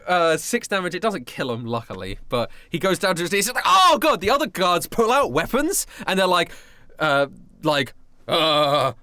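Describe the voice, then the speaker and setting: A lively male game master narrating a tabletop game with a high, swinging voice. His tone is bright and sharp, recorded close and dry. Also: no echo. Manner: animated, laughing, quick asides.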